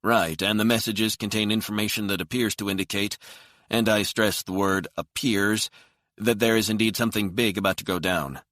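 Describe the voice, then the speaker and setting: A man voicing a male computer forensics expert who speaks briskly and emphatically. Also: fairly low pitch, steady tone, a bit bright, dry recording, studio quality, voice pushed up, close to an everyday voice. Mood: urgent.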